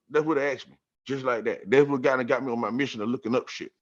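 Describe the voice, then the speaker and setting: A man on a podcast telling a story about scripture in a casual, profane, streetwise way, getting animated and repeating himself. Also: medium pitch, quick pace. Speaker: podcast guest. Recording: dull lo-fi sound.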